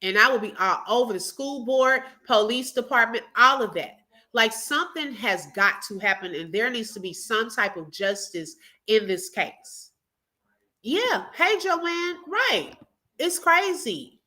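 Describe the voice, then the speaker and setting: A woman's voice: a little high, expressive, unhurried, bright, forceful tone. A woman hosting a reaction stream, giving indignant, emphatic commentary to her viewers. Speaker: commentary channel host.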